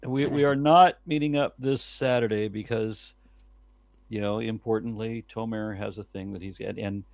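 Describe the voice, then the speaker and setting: Laid back guy joking around on a panel show, lowish voice. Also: steady tone, moderate pace, vocal fry, no echo. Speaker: co-host. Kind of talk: casual panel chat.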